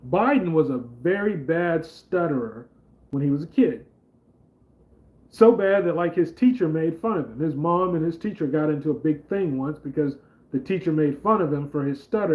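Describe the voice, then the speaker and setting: A man's voice: a little high, lo-fi sound. A man hosting a casual political livestream, rambling with lots of "like" and reading out viewer comments. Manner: rambling, filler-heavy, reads out viewer comments. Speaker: livestream host.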